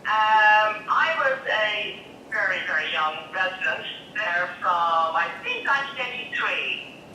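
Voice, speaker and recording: A woman's voice: fairly low pitch, lively intonation, measured pace, recorded from a distance, muffled recording. Irish woman, fifties, chatty tribute, laughs, speakerphone from across an echoey room, background hiss. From Ireland. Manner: warm, chatty, laughs between remarks. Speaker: dermatologist calling in. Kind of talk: tribute speech over speakerphone. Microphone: phone on speaker, far camera.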